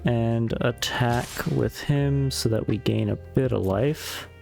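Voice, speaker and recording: A man streams a card game late at night, narrating each play in a loose, conversational way. He slips into dry, wry remarks aimed at his opponent. His voice sits at an ordinary mid pitch, with music playing clearly behind him. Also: slow. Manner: wry, muttering asides at opponents.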